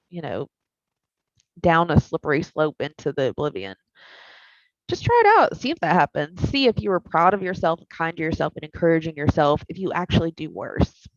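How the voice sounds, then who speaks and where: A woman therapist teaches a skills class, candid and conversational, her fairly low voice gravelly and swinging widely in pitch. The recording is dry and a little dull. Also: dry recording.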